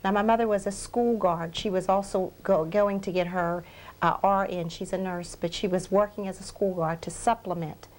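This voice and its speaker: A woman's voice: medium pitch, fairly even intonation, normal speed. A woman guest in an interview, telling a personal testimony with strong feeling and repeating phrases for emphasis. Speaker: interview guest, ministry founder.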